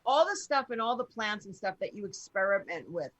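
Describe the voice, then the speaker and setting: Husky, blunt woman hosting a chat show. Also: mid-range voice, very animated, a little fast, fairly bright tone, no room sound, muffled recording. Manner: blunt, rambling, swears casually. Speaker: radio show host. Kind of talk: casual interview chat.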